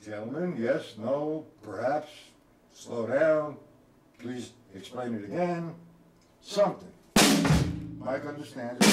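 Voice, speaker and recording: A man's voice: medium pitch, animated, slow pace, long pauses, loud music behind the voice. A man teaching a live-streamed drum lesson, counting beats aloud and quizzing his viewers by name. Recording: roomy, from a distance.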